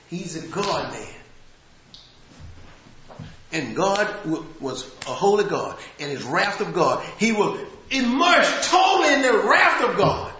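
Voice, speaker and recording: Man, preacher, fairly high voice, folksy sermon delivery, hushed to shouting, faint noise. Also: reverberant, muffled recording.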